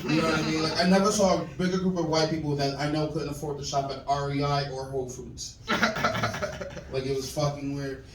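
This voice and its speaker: A man performing a stand-up comedy set in a club, animated and acting out other people's voices. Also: on the high side, fairly quick, roomy sound, recorded from a distance, heavy background noise. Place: comedy club with live audience.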